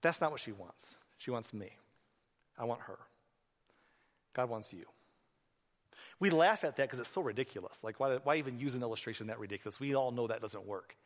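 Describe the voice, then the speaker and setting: A man, a pastor, preaching a sermon in a conversational, animated storytelling manner in a church hall. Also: medium pitch, a little fast, pauses often. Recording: echoey hall.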